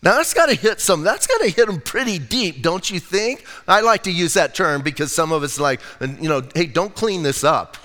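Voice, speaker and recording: Animated man preaching in an echoey hall. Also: high-pitched, moderate pace, hardly any pauses. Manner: casual, animated preaching with slang asides. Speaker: pastor. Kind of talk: sermon.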